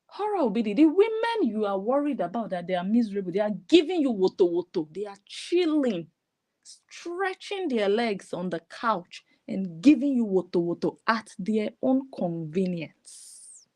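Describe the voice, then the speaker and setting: A woman's voice: medium pitch, very animated, normal speed, a little mellow. A woman, giving mocking, scolding reaction commentary on clips she plays. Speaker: online commentator.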